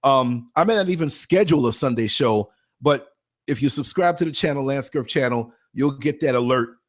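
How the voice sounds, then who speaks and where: A man hosting a podcast who tells a story in a lively, casual way, acting out what people said and repeating himself for emphasis. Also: mid-range voice, normal speed. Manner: animated, acts out quotes, emphatic repeats. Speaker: podcast host and former bus driver.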